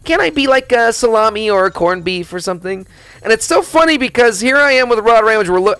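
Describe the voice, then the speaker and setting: A man streaming, chatting casually in a rambling, profane, animated storytelling way. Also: fairly high pitch, no echo.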